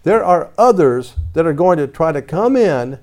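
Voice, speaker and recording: A man's voice: a little high, big pitch swings, moderate pace, a little mellow. A man preaching a conversational sermon, telling his own story and reading scripture aloud in old-fashioned wording. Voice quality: reads scripture in King James wording.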